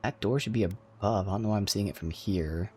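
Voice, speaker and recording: A man's voice: on the low side, a little fast, a little mellow. A man with a Philadelphia accent giving chatty, offhand let's-play commentary at his desk mic, swearing casually. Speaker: gameplay commentator.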